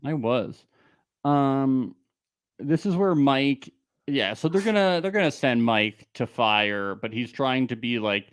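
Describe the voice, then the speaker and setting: A man co-hosts a casual recap podcast, offering firm opinions and quick asides. His voice is at a middle pitch, recorded dry and close to the mic. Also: lively intonation, clean tone, no room sound. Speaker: podcast co-host.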